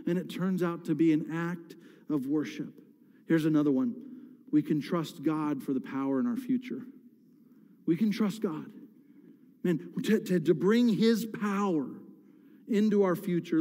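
A man with a high voice preaches a sermon in a church, and his words ring through a long hall echo. He swings from loud pleading cries down to soft whispers. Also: moderate pace. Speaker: pastor. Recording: reverberant hall.

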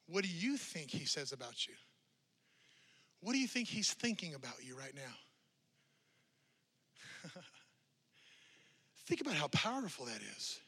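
A man's voice: fairly high pitch, sing-song, unhurried, pauses often, pushed and bright, slightly rough. A male pastor preaching a sermon to a congregation in a church, driving his point home with strings of repeated rhetorical questions.

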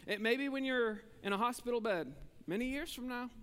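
A man preaching a sermon as pastor, talking conversationally and swinging between emphatic bursts and hushed asides. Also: extremely high pitch, a little fast, clean tone, big-room sound.

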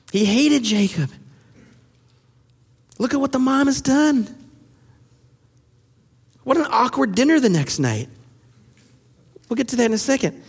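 High-voiced animated male preacher in reverb. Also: breathy edge. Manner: animated, acts out quoted voices. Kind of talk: sermon reading and explaining scripture. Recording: long hall reverb.

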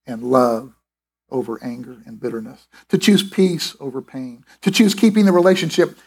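A man's voice: mid-range voice, a little mellow, breathy edge. A middle-aged man preaching a sermon in an emphatic, conversational way, with restarts and asides. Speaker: pastor.

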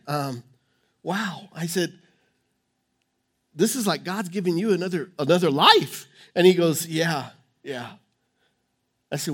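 A pastor preaching a sermon in church, emphatic and repetitive, often restarting his sentences. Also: on the high side.

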